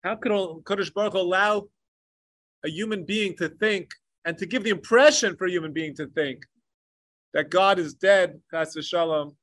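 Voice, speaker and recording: A man teaching a Torah lecture with passion, mixing Hebrew learning terms into English and swinging between emphatic peaks and hushed asides. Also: sits high, normal speed, no echo, clean studio sound. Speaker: rabbi. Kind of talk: Torah lecture on the Tisha B'Av kinos.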